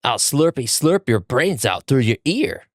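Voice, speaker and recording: A man doing a slow, creepy gloating demon. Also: mid-range voice, sing-song, no echo, studio quality, voice pushed up. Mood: menacing. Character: hungry four-eyed male demon, creepy and gloating.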